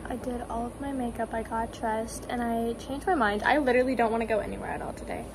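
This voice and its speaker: A woman's voice: on the high side, quick pace, background noise. Chatty young woman vlogging, swearing a lot. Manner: heavy filler and frequent swearing; drifts into hushed whispers then gets loud and excited. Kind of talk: casual vlog chat. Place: at home and outdoors.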